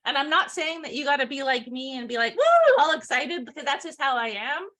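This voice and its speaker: A woman co-hosting a sales podcast, chatting in an energetic, bubbly way with frequent giggles. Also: high voice, brisk. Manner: bubbly, energetic, giggly, with playful acted-out phone calls. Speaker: podcast co-host and sales trainer. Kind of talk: lively sales podcast chat.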